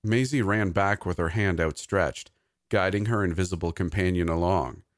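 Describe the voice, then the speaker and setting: Low-voiced man narrating a horror story. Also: moderate pace, no echo, studio quality.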